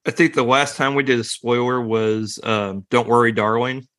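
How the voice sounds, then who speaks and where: A man's voice: medium pitch, steady tone, moderate pace, fairly bright tone. Rambling laid-back male podcast host. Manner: rambling, restarts sentences, laughs often. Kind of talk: casual chat about movies.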